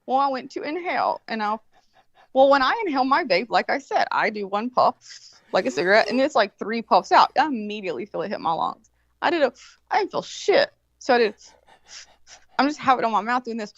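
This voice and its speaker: Brief: woman, podcast co-host, animated and profane storyteller, dry muffled lo-fi sound. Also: a little high, brisk, dry recording. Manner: profane, animated, acts out quoted voices. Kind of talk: casual storytelling. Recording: slightly muffled, dry lo-fi audio.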